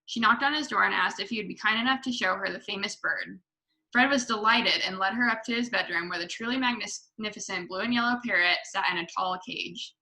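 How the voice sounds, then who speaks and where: A woman reading a children's book aloud to a book club, expressive with small slips. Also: medium pitch, a little fast, low-quality recording.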